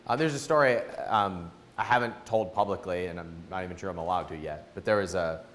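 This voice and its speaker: A man's voice: low voice, fairly quick, a bit bright. Male host interviewing a guest on stage, light and jokey, faint room noise behind. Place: event hall with live audience.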